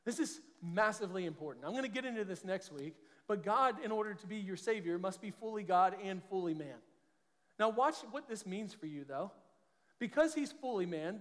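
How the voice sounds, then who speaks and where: A man preaches a sermon from a church stage. He talks with a high voice in an earnest, conversational way and often restarts his sentences. Long reverb from the hall trails each phrase. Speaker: pastor.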